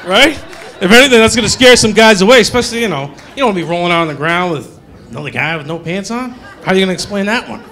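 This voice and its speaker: A male stand-up comedian telling a story on a comedy club stage in an animated way, acting out the characters. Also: high-pitched, fast talker, a faint crowd.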